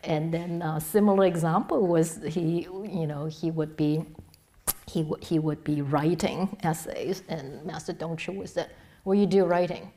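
In a low voice, a middle-aged woman gives a Buddhist dharma talk, her tone steady throughout. She speaks haltingly, restarting sentences and using many fillers, and her voice often drops into a soft, breathy near-whisper.

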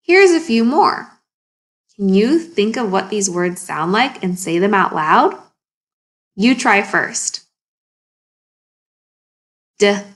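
A woman teaching a phonics lesson to young children, sounding words out slowly and asking the class encouraging questions. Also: medium pitch, expressive. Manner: slow, exaggerated sounding out of words.

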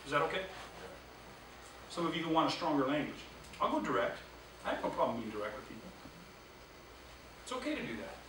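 High-voiced man teaching a sales class. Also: quick pace, pauses often, distant mic, slight background noise. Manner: lively storytelling, quizzes the class. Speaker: sales trainer. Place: training classroom. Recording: echoey room, recorded from afar.

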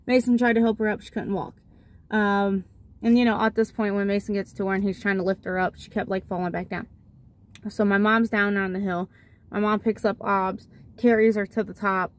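A young mother talks from her car, recounting a family story in a loose, rambling way. She keeps circling back with fillers and restarts. Her voice sits at a middle pitch for a woman. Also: little pitch movement, normal speed. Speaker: vlogger and mother. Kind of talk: casual storytelling vlog.

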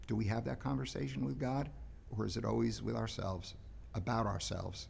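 A man's voice: on the low side, steady tone, moderate pace, gravelly, a little mellow, husky. A man speaking as a priest, giving an earnest daily reflection and reading scripture, sometimes repeating words as he presses a point.

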